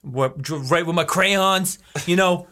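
A man putting on an exaggerated New Jersey accent, playing a gruff tough guy with a low drawl. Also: takes it slowly, pushed and bright, heavily acted. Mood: mock-tough.

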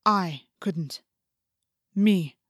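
A woman reading a first-person audiobook in a measured, steady storytelling voice that climbs in intense passages, on a close studio mic. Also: lowish voice, no echo. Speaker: audiobook narrator.

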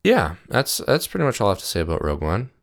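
A man's voice: on the low side, wildly swooping pitch, fast talker. A young man talking casually and enthusiastically in a rambling review monologue, full of "uh"s. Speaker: video host.

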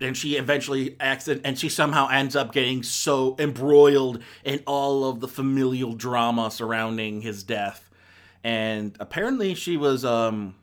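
A man's voice: medium pitch, fairly bright tone. Rambling male movie reviewer. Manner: rambling, with many ums and restarts. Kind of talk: casual spoken movie review.

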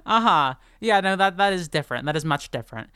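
A woman's voice: on the low side, lively intonation, quick pace, bright, forceful tone, smooth, no echo, studio quality. A woman co-hosting a casual book podcast, rambling with lots of fillers and restarts and laughing often. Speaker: podcast co-host. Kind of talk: casual book-discussion chat.

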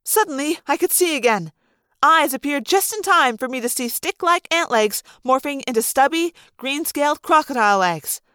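A woman reading an audiobook aloud in the first person, with expressive, dramatic narration. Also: high voice, moderate pace, no room sound. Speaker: audiobook reader.

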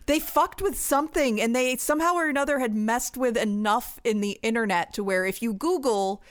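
A woman's voice: a little high, normal speed. A woman in casual conversation adding dry, sarcastic asides. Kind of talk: casual chat.

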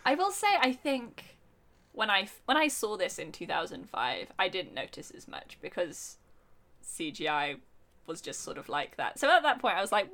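A woman co-hosting a casual film chat, chatty and quick to laugh. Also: medium pitch, sing-song, a bit bright. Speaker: podcast co-host.

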